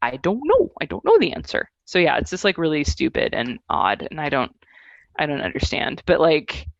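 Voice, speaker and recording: A woman's voice: sits low, normal speed, vocal fry, dry recording, highs cut off. A woman in her thirties, a musician guest, chatting casually and telling stories with acted-out quotes. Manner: animated storytelling with acted-out quotes. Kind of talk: casual interview chat.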